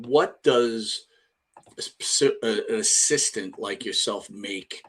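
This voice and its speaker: A man's voice: lowish voice, slow. Male co-host, crude and pushy, keeps interrupting, crowd noise behind. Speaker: podcast co-host. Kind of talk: casual interview banter.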